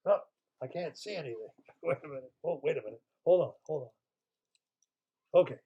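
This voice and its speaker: An older man telling an improvised children's story over a computer call, pausing to quiz his listeners with multiple-choice questions in a playful, chatty way. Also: fairly high pitch, animated, breathy edge, highs cut off. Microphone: computer mic on a video call.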